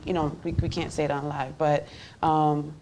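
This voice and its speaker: A woman with a notably low voice leads a chatty interview, breaking in often with quick agreements and follow-ups. A faint hiss of noise sits under her voice. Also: flat delivery, dark tone. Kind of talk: conversational interview.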